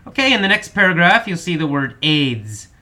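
Bright-voiced man teaching vocabulary slowly. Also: fairly high pitch, big pitch swings. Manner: slow, repetitive explaining. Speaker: English teacher. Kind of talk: vocabulary lesson.

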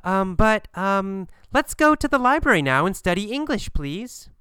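A man's voice: high voice, very animated, normal speed, sharp tone, smooth, no echo, clean studio sound, voice pushed up, heavily acted. A man voicing a timid young woman student who stammers hesitantly. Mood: pleading.

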